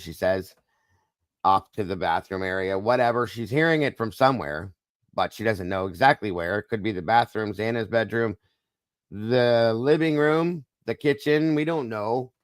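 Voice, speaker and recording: A man's voice: fairly low pitch, dry recording. A man hosting a casual live-stream discussion, musing aloud and talking straight to viewers in the chat. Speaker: livestream host.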